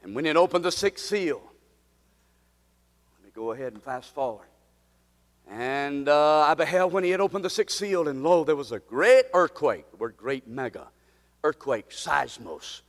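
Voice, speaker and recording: Preacher in a reverberant hall. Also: male voice, on the high side, animated, moderate pace. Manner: preaching with big swings from quiet teaching to shouted exhortation. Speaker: pastor. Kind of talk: sermon.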